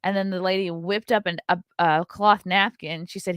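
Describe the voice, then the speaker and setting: A woman's voice: fairly low pitch, fairly even intonation, a little fast, few pauses, a bit bright, no echo, studio quality. A woman in her thirties hosting a casual morning show, chatty and sarcastic, swearing freely. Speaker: show host.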